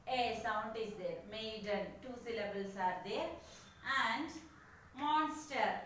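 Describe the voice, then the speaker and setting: A woman teaches a lesson at an unhurried pace, saying each word several times. Her voice sits slightly high. She is heard from a distance in a very echoey room with faint background noise. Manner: slow, repeats each word many times. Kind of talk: classroom lesson on syllables.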